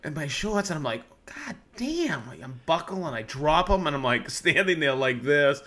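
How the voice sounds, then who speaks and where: A man telling a near-miss woodworking story on a podcast in a lively, profane, laughing manner. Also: a little high, normal speed.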